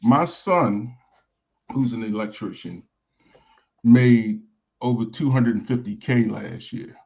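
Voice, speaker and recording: A man from Baltimore, a consultant and lobbyist, talking as a guest on a talk show in a halting way, restarting his words. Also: medium pitch, gravelly, a little mellow, dull audio. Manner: halting, repeats words as he starts.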